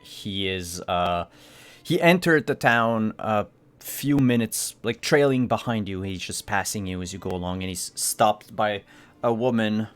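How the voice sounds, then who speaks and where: A man narrating a tabletop game as game master, describing scenes in a measured way with occasional fillers. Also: fairly low pitch, fairly bright tone, clear, resonant tone.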